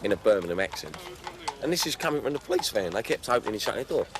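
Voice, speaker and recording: A football supporter telling blunt stories and acting out what others said. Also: male voice, lowish voice, sing-song, very fast. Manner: blunt, storytelling, acts out quotes. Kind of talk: telling an anecdote in an interview. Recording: street noise outdoors.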